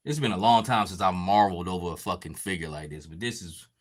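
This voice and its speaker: Laid-back, swearing man with a low voice. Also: fairly quick, a little hiss or hum. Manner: profane, laid-back, reading chat comments. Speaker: podcast host. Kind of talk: casual chat while painting toys.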